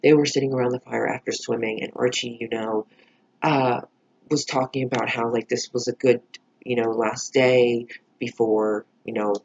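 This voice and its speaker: Man, husky voice, casual reaction vlog, rambling, swears a lot, dull lo-fi recording. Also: mid-range voice, level tone, moderate pace. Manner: rambling, heavy filler "like", frequent swearing. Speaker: TV episode reviewer.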